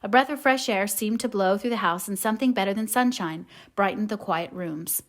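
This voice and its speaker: A woman reads a classic novel aloud as an audiobook narrator. Her pace is measured and her delivery gentle. Her voice sits at an ordinary middle pitch for a woman.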